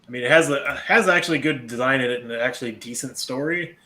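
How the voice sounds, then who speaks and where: A man co-hosting a podcast, chatting casually in an animated, sarcastic way and laughing often. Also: mid-range voice, fast talker. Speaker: podcast co-host. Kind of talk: casual chat.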